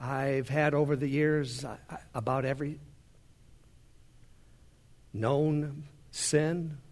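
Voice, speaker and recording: A male pastor preaching a sermon in a large worship center, swinging between hushed storytelling and rising fervor. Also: medium pitch, fairly even intonation, slow.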